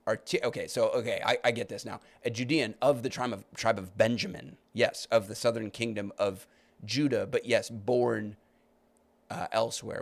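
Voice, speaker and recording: A man's voice: mid-range voice, creaky. A man hosting a podcast, arguing his point and rebutting comments he reads aloud, with many restarts. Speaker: podcast host. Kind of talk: live-stream commentary reading comments.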